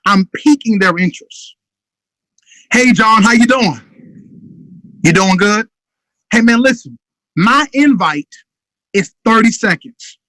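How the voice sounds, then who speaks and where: A man in his thirties gives a motivational business talk, pressing every point with urgency. His voice sits high and rings bright. The sound is dry and close. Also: animated, takes it slowly, long pauses, dry recording, poor audio. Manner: urgent, emphatic, acts out phone calls. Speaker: motivational speaker.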